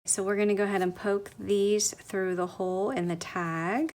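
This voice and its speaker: A woman's voice: medium pitch, steady tone, moderate pace, a little mellow. A woman walking through a paper craft project step by step in a chatty tutorial, often gushing about how cute it turns out. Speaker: craft demonstrator.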